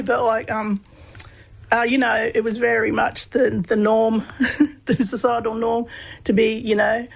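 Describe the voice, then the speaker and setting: A woman's voice: fairly high pitch, creaky, slightly rough, rough recording. An Australian woman telling a personal story as an interview guest, chatty and laughing often as she talks. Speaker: guest, PhD researcher on humour.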